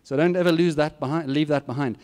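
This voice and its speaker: A man's voice: on the high side, fairly even intonation, fast, a little mellow. A middle-aged man giving students candid, plain-spoken career advice with self-deprecating asides. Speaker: guest speaker. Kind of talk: informal advice talk to students.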